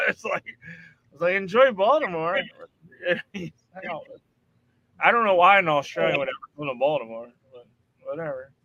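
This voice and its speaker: An American man hosting a casual chat, animated and laughing often as he acts out quotes. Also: fairly high pitch, moderate pace, long pauses, lo-fi sound. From United States.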